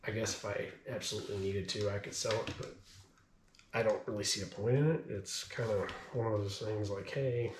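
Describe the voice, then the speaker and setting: A low-voiced man with a drawl, a bit out of breath, rambling loosely with lots of ums and you-knows. He sounds set back from the mic in an echoey room, with a faint hiss underneath. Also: steady tone, a little fast, far from the mic. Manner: rambling, filler-heavy, laid-back. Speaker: gun reviewer. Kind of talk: casual talk to camera.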